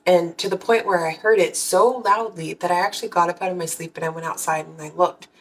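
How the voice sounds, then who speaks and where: A woman's voice: fairly low pitch, steady tone, brisk, recorded from a distance, poor audio. A woman tarot reader telling a personal story to her viewers in a candid, casual way, swearing freely and acting out her own reactions.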